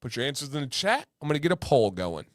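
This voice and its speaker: A man's voice: mid-range voice, sing-song, quick pace, slight background noise. A man hosting a casual livestream, playful and joking, often repeating his lines for laughs. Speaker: livestream host.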